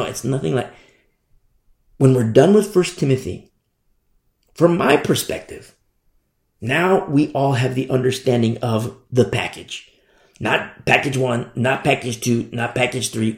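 A middle-aged man preaching a sermon as pastor, animated and repetitive, with many asides. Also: mid-range voice, creaky, roomy sound.

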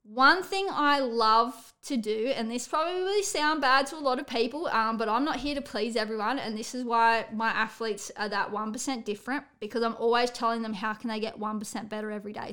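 Woman, young adult, coach on a podcast, blunt and fired up, a bit high-pitched. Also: clear, resonant tone. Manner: blunt, energetic, tells it how it is. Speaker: athletics coach and podcast host. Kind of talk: casual motivational podcast monologue.

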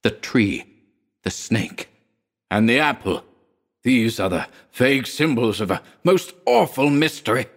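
A man voicing a terrified, drug-haunted man in a storybook reading, who swings between shrieks and moaning, hoarse whispers. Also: mid-range voice, lively intonation, unhurried, voice pushed up. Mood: hoarse dread.

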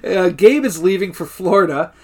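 A man's voice: sits high, normal speed. A man co-hosting a podcast, recapping episodes in casual chat and acting out scene quotes as he goes. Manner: animated retelling, quoting scenes with laughs. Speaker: podcast co-host.

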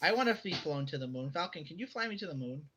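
Co-host, male, high and very bright voice, goofy and playful. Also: animated, fast, husky. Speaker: podcast co-host. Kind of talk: casual podcast chat.

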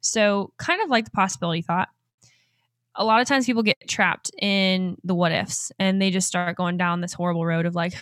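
A woman in her twenties hosting a motivational podcast, energetic and enthusiastic and quick to laugh. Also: on the low side, no echo. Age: 20s. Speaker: podcast host and life coach. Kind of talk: upbeat motivational podcast talk.

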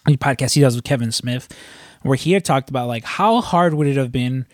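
A man's voice: mid-range voice, fairly quick, no echo, clean studio sound. Rambling, profane male podcast host. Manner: rambling, profane, frequent restarts. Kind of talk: casual podcast chat.

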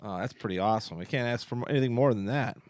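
A man's voice: mid-range voice, very fast, no room sound, studio quality. A man hosting an interview, chatty and effusive with praise for his guest. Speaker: host. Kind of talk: podcast interview.

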